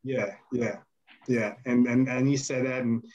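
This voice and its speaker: A man telling backstage stories as a podcast guest, rambling and animated, loudly acting out the voices of the people he quotes. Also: mid-range voice, unhurried, highs cut off, a loud crowd. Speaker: podcast guest, former wrestler. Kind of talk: casual storytelling interview.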